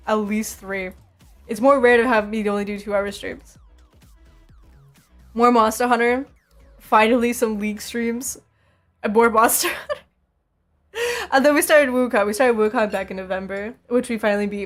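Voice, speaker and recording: A woman's voice: on the high side, fairly even intonation, brisk, faint music behind. A young woman streaming, chatting casually with her viewers, laughing often and repeating herself.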